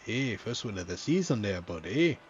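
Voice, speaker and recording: A man doing a loud jokey Canadian bud. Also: on the low side, sing-song, moderate pace, dull audio, slight background noise. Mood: joking. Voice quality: loud, bantering.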